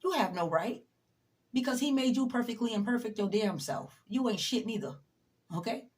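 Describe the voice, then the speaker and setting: A woman vlogger offers casual motivation straight to the camera, her voice a little high and slightly mellow, with lively intonation at a moderate pace. She's emphatic and blunt, swears often, lectures the viewer directly, and comes across as a little tired.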